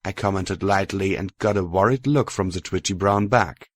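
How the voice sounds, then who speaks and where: A man's voice: deep voice, moderate pace, hardly any pauses, no room sound, low-quality recording. A man narrating a fan-fiction audiobook, telling the story steadily and voicing every character. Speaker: audiobook reader.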